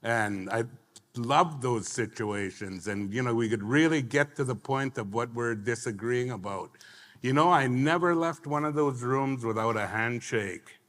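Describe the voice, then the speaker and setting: A man's voice: medium pitch, a little slow, fairly bright tone. Reflective man panelist in a hall. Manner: conversational, reflective, restarts phrases. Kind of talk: panel discussion answer. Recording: reverberant conference hall.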